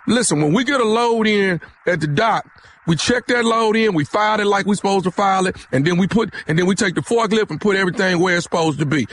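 A man's voice: sits high, fast talker, fairly bright tone, a little hiss or hum. A man playing a confrontational night-shift warehouse worker on a prank phone call, stammering and threatening. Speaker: radio prank caller.

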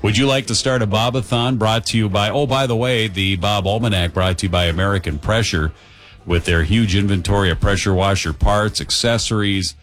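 A man with a low voice hosts a radio show, trading easygoing jokes and sliding into sponsor reads. Faint music plays underneath him. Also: fairly even intonation, brisk, a bit bright. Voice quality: jokey, easygoing. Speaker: radio host. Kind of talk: morning radio banter with ad reads.

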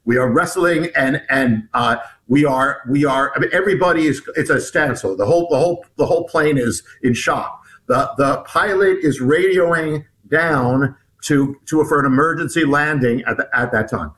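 A man, somewhat high-voiced, telling a guest's story in an interview. He speaks haltingly, restarting his sentences and repeating words as he goes. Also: fairly bright tone, poor audio. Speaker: author guest. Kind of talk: recounting a personal story in an interview.

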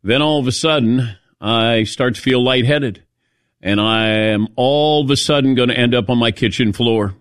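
A man hosting a sports talk show in casual chat, telling a self-mocking story in a lively way and acting out the quotes, into a studio mic. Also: mid-range voice, normal speed, smooth, no echo.

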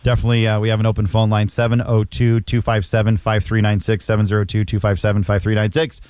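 A man's voice: fairly low pitch, monotone, fast talker, a little mellow, clean tone, no echo, clean studio sound. A man hosting a call-in radio talk show, joking and rambling, repeating himself.

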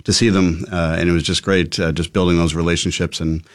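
Low-voiced middle-aged guy on a radio interview, quick and eager, lots of uhs, dry close sound. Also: flat delivery, no room sound. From Massachusetts, USA. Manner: quick and eager, with many fillers. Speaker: guest, meetup organizer.

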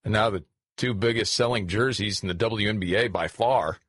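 A man's voice: lowish voice, normal speed, fairly bright tone, breathy edge, no room sound. A man in his forties co-hosting a talk radio show, blunt and sarcastic in casual banter.

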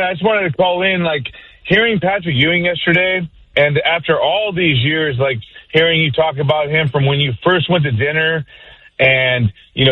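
A man's voice: fairly high pitch, no room sound. Casual man calling in on phone line. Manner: casual, enthusiastic, slangy. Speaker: caller. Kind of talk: phone-in praise to host.

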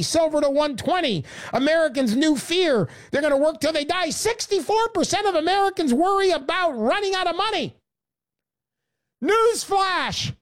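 A woman hosting a sarcastic, animated sales pitch monologue.

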